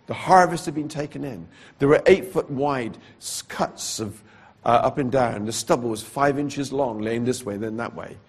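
A man giving a dramatic personal testimony as a preacher, slow and deliberate with pauses, and coughing now and then. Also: mid-range voice, darkish tone, husky. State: coughing repeatedly.

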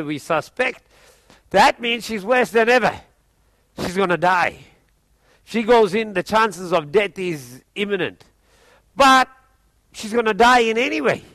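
A man's voice: high voice, fairly bright tone, dry recording. A man quoting a blunt, grave doctor. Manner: matter-of-fact, blunt.

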